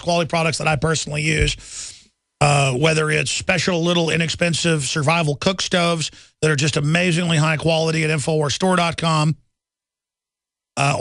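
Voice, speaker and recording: A man's voice: fairly high pitch, vocal fry, a bit bright, dry recording. A middle-aged man hosting a talk radio show, delivering an urgent, ranting monologue full of "uh" fillers. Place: radio studio.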